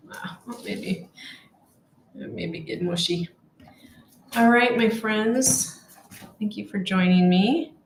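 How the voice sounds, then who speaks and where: A woman leading a casual Bible study, talking in a heartfelt, halting way with many fillers and restarts. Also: mid-range voice, echoey room, noisy background.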